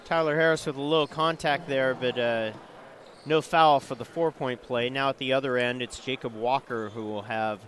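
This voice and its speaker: A man calling live high school basketball play-by-play who gets louder on big plays. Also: moderate pace, slight background noise. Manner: rising excitement on big plays. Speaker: play-by-play announcer.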